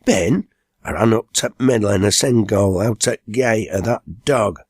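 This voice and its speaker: A man voicing a jittery young village farmhand with a broad Lancashire accent, rambling excitedly. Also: on the low side, unhurried, no echo, clean studio sound. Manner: rambling, excitable dialect tale.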